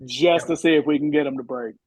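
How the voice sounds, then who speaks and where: A man's voice: on the high side, fast, poor audio. A man, a guest wrestler, telling a story in casual chat and quoting his friends. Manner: relaxed storyteller, quotes friends.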